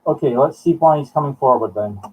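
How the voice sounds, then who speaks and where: Scottish man with a husky voice. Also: medium pitch, distant mic. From Scotland. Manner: halting, thinking aloud in short phrases. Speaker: medium. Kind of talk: live spiritualist broadcast. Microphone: streaming from home. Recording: muffled sound from off the mic.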